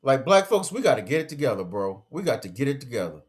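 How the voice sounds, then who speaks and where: A man's voice: medium pitch, very animated, fast. A man giving a casual commentary rant, emphatic and lecturing, full of slang and repeated points. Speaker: commentary vlogger.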